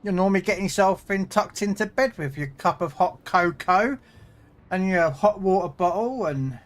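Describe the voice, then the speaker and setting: A man's voice: sits high, expressive, normal speed. A middle-aged British man streaming a game, chatting casually in a rambling way full of fillers and restarts. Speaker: gaming streamer. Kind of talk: casual chat.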